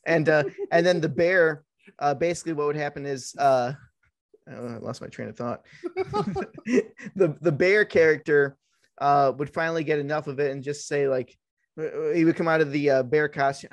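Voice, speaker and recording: A giggly man riffing as a podcast co-host, rambling along with plenty of filler words. His voice sits a little high for a man and is recorded dry and close, with no room sound. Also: moderate pace, gravelly, dry recording. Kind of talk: casual comedic chat.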